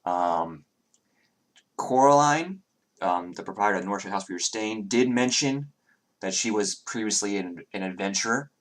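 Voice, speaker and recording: A man with a very low voice runs a tabletop game as game master. He narrates scenes hesitantly, leaning on fillers as he goes. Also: lively intonation, moderate pace.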